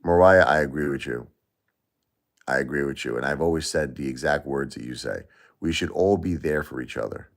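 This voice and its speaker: A man's voice: very deep voice, brisk, vocal fry. A middle-aged man hosting a livestream, talking emotionally to viewers and repeating himself as he grieves. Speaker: livestream host.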